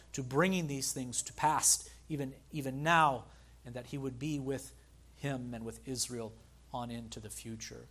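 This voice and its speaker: A man preaching a sermon as pastor, earnest, slowing down to stress key phrases and speaking directly to the congregation. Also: mid-range voice, fairly bright tone.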